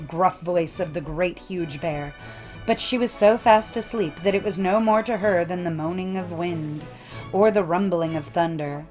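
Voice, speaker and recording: A woman's voice: mid-range voice, darkish tone. Woman narrating folk tales. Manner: measured, storytelling cadence. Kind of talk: scripted storybook narration.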